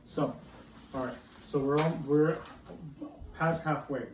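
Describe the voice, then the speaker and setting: Patient man reading to kids, fairly high voice, recorded from a distance. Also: steady tone, takes it slowly. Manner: patient, explains rhymes and asks questions. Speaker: teacher reading to children. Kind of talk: read-aloud phonics lesson. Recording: roomy, distant, faint noise.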